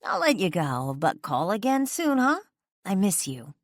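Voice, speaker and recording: A woman voicing a teasing, bubbly young female best friend in a lively way. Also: mid-range voice, a little slow, no room sound, studio quality, voice pushed up.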